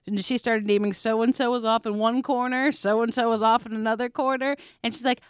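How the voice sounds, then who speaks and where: A woman's voice: on the high side, moderate pace, smooth, no echo, clean studio sound. A young adult woman co-hosting a casual chat, telling a story with lots of laughter and acted-out quotes. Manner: animated storyteller, laughs often, acts out quotes. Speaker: podcast co-host.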